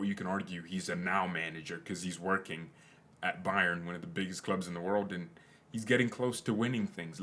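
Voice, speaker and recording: A young man hosts a fan channel in loose, casual football commentary. His voice sits fairly low, and he rambles, jokes and corrects himself as he goes. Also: bright, forceful tone. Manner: rambling, self-correcting, jokey.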